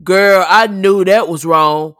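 A woman's voice: on the low side, slow pace, dry recording, clean studio sound. A woman co-hosting a casual chat, making wry, hesitant, joking asides. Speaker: podcast co-host.

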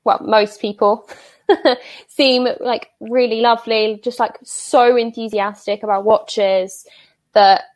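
A woman's voice: on the high side, steady tone, slow. A woman chatting casually in a group, gushing with enthusiasm and saying "like" and "literally" often. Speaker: watch enthusiast guest.

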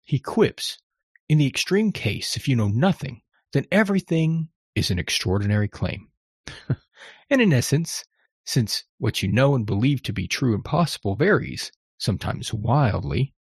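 A man's voice: medium pitch, gravelly, husky, no room sound, clean studio sound. A man hosting a podcast, talking through a scripted monologue in a conversational, wry manner. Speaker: podcast host.

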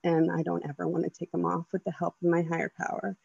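A woman in her thirties speaks earnestly at a recovery meeting, pausing with ums and likes as she goes. Her voice sits a little low and is heard dry and close. The sound is dull and muffled, like call audio. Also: completely flat delivery, vocal fry, darkish tone, breathy edge, no room sound. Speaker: twelve-step meeting speaker. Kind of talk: personal recovery share.

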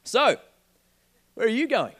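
A young man preaching a sermon, telling a joking personal story in an animated way. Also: very high-pitched, unhurried. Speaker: pastor.

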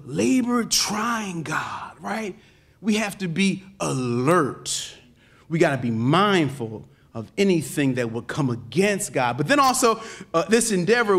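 A man preaching a sermon in call-and-response style, dropping to low murmurs and rising to shouts. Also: very animated, unhurried. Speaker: pastor.

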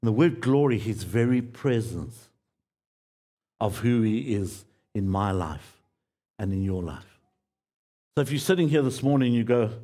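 A man preaching a sermon as pastor, earnest and pleading, repeating key phrases and dropping to quiet, low endings. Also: lively intonation, measured pace, long pauses.

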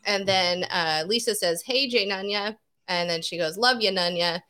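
A woman's voice: medium pitch, bright, forceful tone. A woman co-hosting a casual podcast, reading out listener comments, giggling and saying "uh" often. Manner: unhurried, giggly, says "uh" often. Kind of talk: casual chat.

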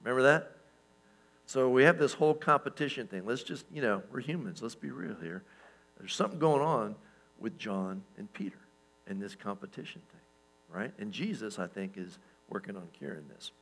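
A man pastor giving a sermon in a relaxed, conversational way, with lots of fillers and restarts and chuckles at his own stories. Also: fairly low pitch, normal speed, gravelly, poor audio.

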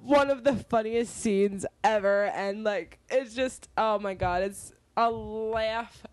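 A woman's voice: on the high side, takes it slowly, darkish tone, dry recording. A woman co-hosting a podcast in casual chat, giggly and gushing, swearing freely, close on the mic. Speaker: podcast co-host. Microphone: close studio mic.

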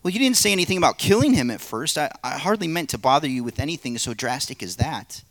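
A frightened, evasive man who stammers and pleads his way out of everything, as a preacher acts him out in a storybook reading. His voice climbs high and tight with worry, the words tumbling out. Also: animated, quick pace, fairly bright tone, dry recording. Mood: nervous pleading. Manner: pleading, stammering, making excuses. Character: nervous evasive man with a pet sin.

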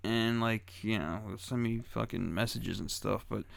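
A man co-hosting a podcast, swearing often and rambling through animated stories in casual banter. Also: lowish voice, moderate pace, gravelly, no echo. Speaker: podcast co-host. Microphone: studio mic.

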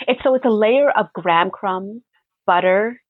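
A young woman chef telling her stories with lively animation, laughing as she goes. The sound is tinny and narrow like a phone call, and bone dry with no room around it. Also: medium pitch, measured pace, dry recording. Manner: animated storytelling, laughs often. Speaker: pastry chef guest. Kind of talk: casual interview answers.

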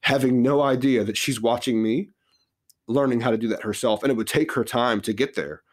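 A man's voice: medium pitch, fairly even intonation, brisk. A middle-aged man, a guest on a podcast interview, telling a personal story in an earnest, reflective way with lots of filler words.

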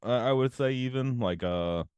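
A man's voice: medium pitch, normal speed, darkish tone, clean tone, no room sound. A man hosting a podcast in casual chat, rambling and profane with many fillers. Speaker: podcast host.

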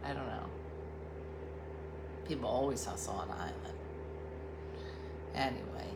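A woman's voice: extremely low pitch, animated, measured pace, very noisy. Rambling, jokey woman in a roomy space. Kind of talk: casual chat. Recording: roomy echo with faint ambience.

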